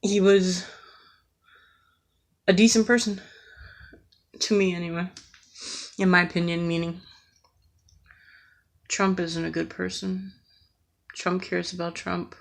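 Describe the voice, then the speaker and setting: A woman's voice: lowish voice, little pitch movement, takes it slowly, gravelly, long pauses. A woman from the United States delivering an earnest, emotional rant, with frequent hesitations and fillers as she talks. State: emotional, near tears. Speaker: vlogger.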